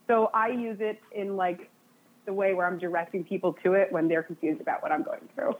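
A woman's voice: mid-range voice, fairly quick. Chatty woman guest, lots of "like", self-deprecating, sounds like a phone line. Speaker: interview guest, illustrator. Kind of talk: casual conversation.

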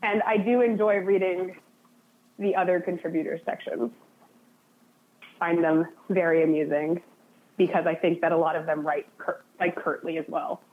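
A woman's voice: lowish voice, fairly even intonation, moderate pace, slight background noise. A woman guest in a casual interview, talking in a chatty, self-deprecating way with lots of "like" fillers. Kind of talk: casual conversation. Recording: phone-like narrow sound.

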